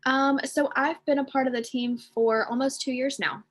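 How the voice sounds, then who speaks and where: A woman's voice: high voice, steady tone, normal speed. Bubbly woman hosting a video-call interview. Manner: bubbly, enthusiastic. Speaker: interview host.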